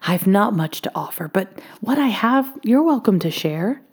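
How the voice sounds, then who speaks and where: A woman voicing a kind, gentle old male harper in a soft, earnest manner for a storybook reading. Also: mid-range voice, animated, moderate pace, slight background noise, close to an everyday voice.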